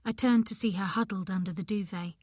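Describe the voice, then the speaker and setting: A woman narrating an audiobook in the first person, reading in an expressive, measured way. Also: medium pitch, no echo, clean studio sound.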